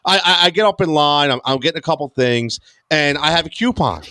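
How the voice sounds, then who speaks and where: An American man co-hosting a casual podcast, telling stories in an animated, exasperated way. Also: a little high, brisk, clean tone, no echo. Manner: animated storyteller, exasperated rants. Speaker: podcast co-host. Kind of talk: casual sports podcast chat.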